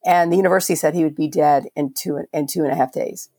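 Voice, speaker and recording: Low, gravelly older woman. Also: fairly even intonation, fast talker, dark tone, no room sound, clean studio sound. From Florida, USA. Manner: passionate, conversational, with frequent restarts. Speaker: veterinarian guest. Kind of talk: podcast interview storytelling.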